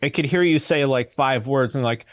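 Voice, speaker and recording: A man's voice: medium pitch, normal speed, no echo, studio quality. An American man, a podcast guest in casual chat, blunt and sardonic, swearing casually. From United States.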